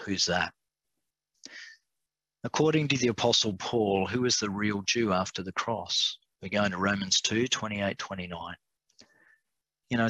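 Male preacher, sermon Bible study, emphatic, slows on key words, low voice, dry close sound. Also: pushed and bright, breathy edge, no echo, low-quality recording. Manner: reads scripture aloud from a study guide.

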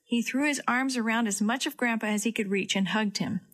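Expressive woman reading a children's story. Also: a little high, fairly quick.

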